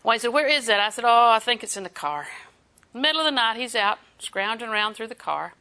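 Older female preacher, bright tone, folksy and chatty. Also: fairly high pitch, animated, brisk. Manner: folksy, chatty, laughs often. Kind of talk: sermon.

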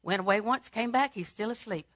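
A woman preaches a sermon, swinging between loud, emphatic declarations and hushed, almost whispered lines while repeating phrases for emphasis. Her voice is medium-pitched and brisk.

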